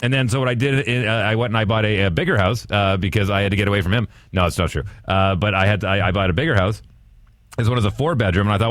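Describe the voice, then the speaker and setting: A man's voice: fairly low pitch, fast, fairly bright tone, no room sound, studio quality. A man hosting a podcast in casual chat, reacting to his co-host and telling his own stories.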